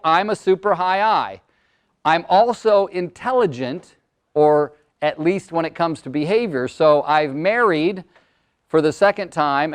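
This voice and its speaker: An energetic older man from California, a motivational speaker and coach, gives a live workshop presentation. His smooth, fairly high voice comes out loud and fast, packed with lots of words.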